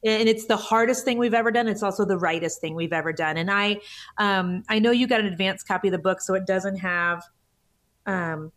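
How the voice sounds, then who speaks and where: A woman's voice: mid-range voice, a little fast, a bit bright. A woman in her forties telling a personal story as a podcast guest, earnest and emotional. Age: 40s. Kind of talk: conversational interview.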